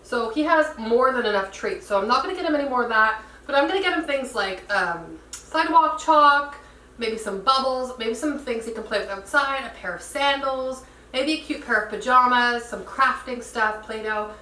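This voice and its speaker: Chatty mom vlogger, high voice, roomy. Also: female voice, normal speed, bright, forceful tone, far from the mic, slight background noise. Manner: chatty, upbeat, lots of fillers. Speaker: homemaking vlogger. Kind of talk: casual vlog narration. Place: home.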